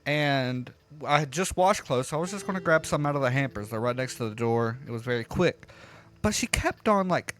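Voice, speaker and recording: A man's voice: medium pitch, animated, fairly quick. Rambling, profane man telling a story. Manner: rambling, profane, gets loud and heated when retelling. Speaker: gaming streamer telling a story. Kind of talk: casual storytelling over gameplay.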